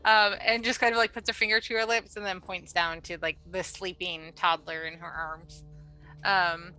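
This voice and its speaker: Woman DM, casual narration, bright tone. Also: fairly low pitch, steady tone, moderate pace, soft background music, poor audio. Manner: casual, filler-heavy narration. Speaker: game master. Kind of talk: narrating a tabletop game.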